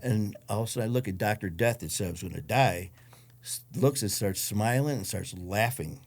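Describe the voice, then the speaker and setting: A man's voice: on the low side, a little fast. Blunt, profane man telling his story. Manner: blunt and profane, acts out what others said. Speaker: interview guest. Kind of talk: storytelling in a casual interview.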